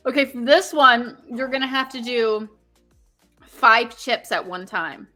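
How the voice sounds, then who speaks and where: This is a woman co-hosting a relaxed podcast, talking in an excitable, filler-heavy way during a rapid quiz game. Her voice sits a little high and rings bright and crisp. Soft music plays faintly underneath. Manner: excitable, lots of fillers and hesitations. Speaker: co-host.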